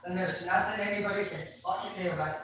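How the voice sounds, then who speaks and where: A woman tarot reader chatting casually to her viewers, rambling, loud and full of swearing. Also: mid-range voice, fast. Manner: profane, loud, animated storyteller. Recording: echoey room, distant mic, faint noise.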